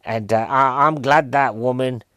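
A man's voice: medium pitch, a little slow, bright, forceful tone, no echo, studio quality. Rambling, jokey man in his forties. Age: 40s. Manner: rambling, jokey, self-mocking. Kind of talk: casual film review chat.

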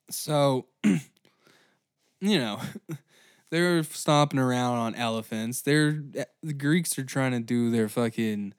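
A man hosting a comedy history podcast, ranting in a profane, animated way. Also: mid-range voice, very slow, pauses often, clean tone, no echo, studio quality. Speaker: podcast host.

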